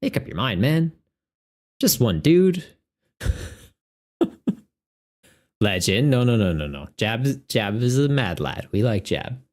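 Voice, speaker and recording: A man's voice: medium pitch, big pitch swings, takes it slowly, pauses often, darkish tone. A man chatting casually on a live stream as a tournament organizer, laughing often and joking with his viewers.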